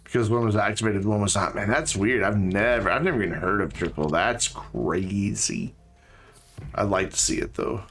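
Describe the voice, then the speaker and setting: A man's voice: lowish voice, animated, normal speed, a bit bright, faint music behind. A man chatting casually while he streams a game, joking and talking to objects in it. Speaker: live streamer. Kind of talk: casual gameplay stream chat.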